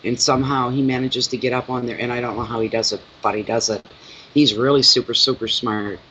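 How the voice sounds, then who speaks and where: A middle-aged man chatting with his viewers from home, telling stories in a lively, rambling way. His pitch sits in a middle range. The recording is a little dull and muffled, with faint noise underneath. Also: fairly quick. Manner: chatty, animated storytelling. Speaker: tarot reader and channel host. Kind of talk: casual chat with viewers.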